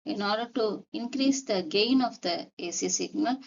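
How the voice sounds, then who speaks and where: Gravelly-voiced woman teaching a lesson. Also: mid-range voice, muffled recording, slight background noise. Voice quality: repeats key points deliberately. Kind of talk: step-by-step lecture.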